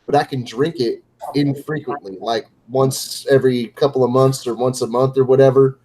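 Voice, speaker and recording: A man's voice: medium pitch, steady tone, moderate pace, warm tone, a little hiss or hum, low-quality recording. A man chatting casually on a late-night livestream, rambling and poking fun at himself with lots of fillers. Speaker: co-host of a livestream.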